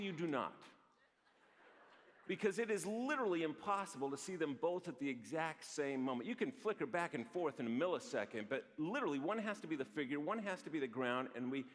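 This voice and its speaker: A man's voice: fairly high pitch, a little fast. A man, a psychologist, giving a storytelling conference talk in a large hall and acting out the lines he quotes. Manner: animated, acts out quoted lines. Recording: long hall reverb from a big venue.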